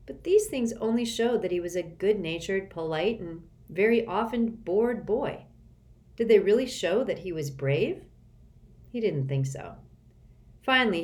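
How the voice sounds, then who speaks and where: A woman reading a children's novel aloud as an audiobook narrator. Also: on the low side. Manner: expressive storytelling.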